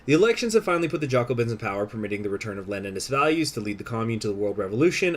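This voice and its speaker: A young man live-streaming a strategy game, rambling casually with lots of fillers and swearing. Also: fairly low pitch.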